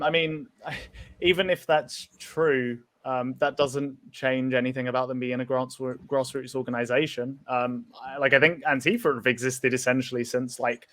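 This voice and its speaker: A man's voice: mid-range voice, a bit bright. A man in a casual online debate, hesitant and filler-heavy, on a video call.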